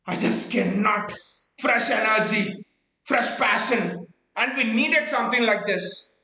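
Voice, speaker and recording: A man reacts live to a football match as host of a fan watchalong, his voice pitched high and ringing around an echoey room. He is out of breath and excitable, repeating words and stumbling as the thoughts rush out. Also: slow pace.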